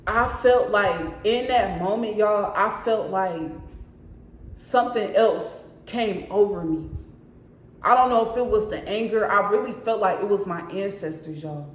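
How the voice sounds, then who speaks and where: A woman's voice: medium pitch, a little slow. A woman telling a story from her own apartment in a casual storytime, talking emphatically and calling out to her viewers again and again. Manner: emphatic, keeps addressing viewers directly. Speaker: storyteller vlogger. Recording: echoey room.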